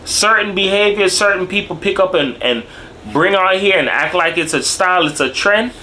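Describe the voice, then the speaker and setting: Young man, lively up-and-down delivery, bright forceful tone, casual street-slang commentary. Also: high voice, normal speed, a little hiss or hum. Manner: animated street-slang talk, tags lines with "bro" and "dog". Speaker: video commentator.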